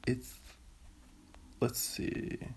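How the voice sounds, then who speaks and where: At home, a man hosts a casual podcast, rambling and joking at his own expense, then slips into silly high-pitched bits before reading out a plot recap. He speaks very slowly in a slightly mellow voice, with a bit of background noise.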